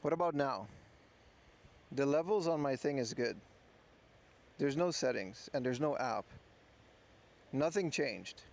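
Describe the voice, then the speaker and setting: By the ocean, a livestream host from the Netherlands fixes the clip-on mic attached to his hat while chatting casually to viewers outdoors. His medium-pitched voice is expressive, creaky, and a little mellow, a little slow with frequent pauses, and wind can be heard.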